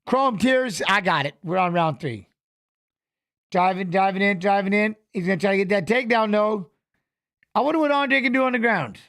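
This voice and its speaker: A man with a high voice, speaking at normal speed, hosts a fight watch-along with casual live commentary. The studio sound is clean with no room sound, and he's animated, coaching the fighters aloud and repeating phrases.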